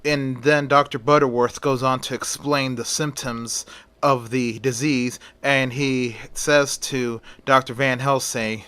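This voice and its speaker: A man's voice: mid-range voice, steady tone, slow, a bit bright, clean tone, no echo. A man retelling a classic horror story aloud, unscripted with fillers, lightly voicing each character.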